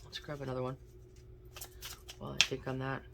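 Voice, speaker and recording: A woman's voice: very deep voice, completely flat delivery, fairly quick, vocal fry, heavy background noise. Chatty woman giving a card reading. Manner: chatty, thinks aloud while drawing cards. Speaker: intuitive card reader. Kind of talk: casual tarot and oracle card reading.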